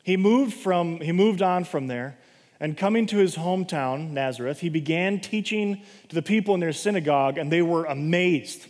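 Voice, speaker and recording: A man with a fairly high voice preaches a sermon. He reads scripture passages aloud and breaks off to explain them, checking in with "okay" and "right". His voice rings out with the long reverb of a large hall. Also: normal speed, darkish tone.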